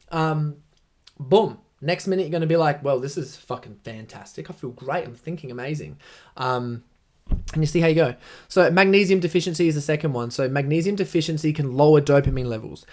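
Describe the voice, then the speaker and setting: An Australian man in his young adult years talks straight into his podcast mic with loose, rambling enthusiasm. He drops casual swears and keeps circling back through asides, his voice sitting at an ordinary middle pitch. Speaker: podcast host. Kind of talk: casual solo podcast talk.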